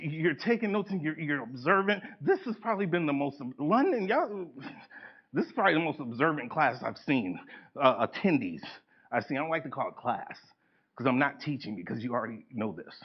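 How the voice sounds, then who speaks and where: A man leads a live seminar, his pitch sitting a little high and swinging widely as he acts out the people he talks about. He talks to the room in a loose, lively way. The recording is dull and lo-fi, like a capture from a conference room. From United States. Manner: animated, acts out quoted people, laughs often. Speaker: workshop presenter.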